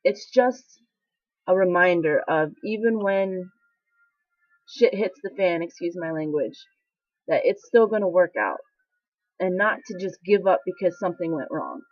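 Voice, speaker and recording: A woman's voice: fairly low pitch, lively intonation, measured pace, no room sound. A young woman in military training, talking candidly in a casual confessional vlog, rambling and emotional with many fillers. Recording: dry, slightly dull lo-fi sound.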